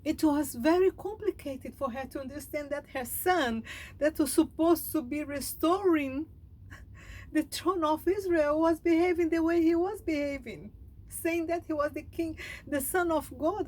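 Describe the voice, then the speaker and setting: Slow, high-voiced emotional woman speaker. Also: lively intonation, darkish tone, low-quality recording. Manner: halting, heartfelt, emotional. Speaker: spiritual speaker. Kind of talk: meditative reflection.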